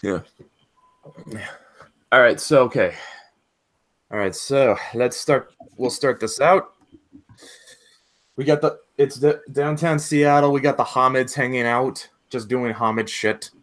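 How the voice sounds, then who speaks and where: A man's voice: medium pitch, a little slow, long pauses, a bit bright. A man running a tabletop role-playing game as game master, laid-back and casual, laughing often. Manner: laid-back, laughs often, says "all right" a lot.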